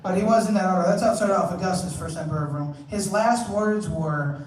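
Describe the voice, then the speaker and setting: A man's voice: high voice, very fast, far from the mic. A young man performing a stand-up comedy set on a club stage, telling crude conversational stories and acting out quotes. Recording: roomy live club recording, noisy. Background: audience laughter.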